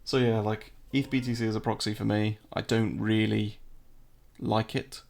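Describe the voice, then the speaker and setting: A man's voice: on the low side, little pitch movement, moderate pace, vocal fry, a little mellow. An English man hosting a casual live-stream, joking, answering viewer chat and walking through trading charts. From England.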